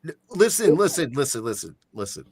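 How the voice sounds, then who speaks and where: A man hosting a talk show, trying to calm a feuding caller and co-host. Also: a little high, brisk, crowd noise. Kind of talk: casual radio banter.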